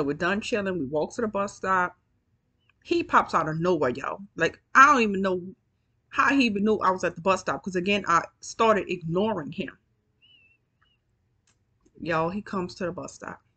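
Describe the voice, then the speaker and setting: A woman's voice: fairly low pitch, pushed and bright, husky. A woman telling a story to her viewers in a chatty, profane, casual way, yawning as she goes. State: yawning, sleepy. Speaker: storytime vlogger.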